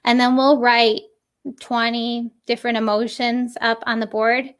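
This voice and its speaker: A fairly high-voiced woman talks through puppetry technique as an interview guest. She explains with energy, leans on "right?" to check in, and slips into quick demonstrations along the way. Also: flat delivery, smooth.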